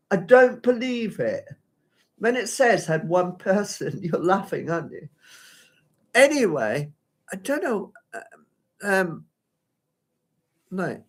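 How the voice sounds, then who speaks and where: A man giving a live solo performance at home, rambling and flustered as he talks to himself. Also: high-pitched. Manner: rambling, flustered self-talk. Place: at home by a window.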